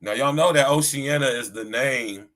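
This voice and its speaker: A man's voice: medium pitch, normal speed, fairly bright tone. A middle-aged man hosting a podcast livestream in a casual, slangy chat style, often saying "you know what I'm saying.". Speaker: podcast host.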